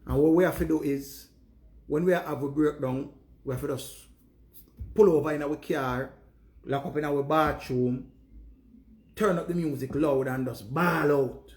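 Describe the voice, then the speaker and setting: A man's voice: on the high side, fairly even intonation, a little slow, long pauses, darkish tone. A man with a Jamaican accent giving an earnest, preachy monologue in Patois to his viewers. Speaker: live streamer.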